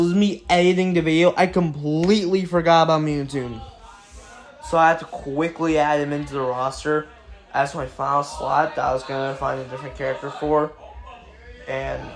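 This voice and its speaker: A teenage boy giving casual, profane video commentary, excitable and prone to sudden outbursts. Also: medium pitch, gravelly. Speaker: gaming video creator.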